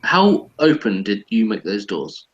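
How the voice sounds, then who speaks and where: A man's voice: on the low side, very animated, a little slow, muffled recording. A man playing in a tabletop game, asking hesitant questions full of fillers. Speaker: player. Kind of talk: casual tabletop role-play.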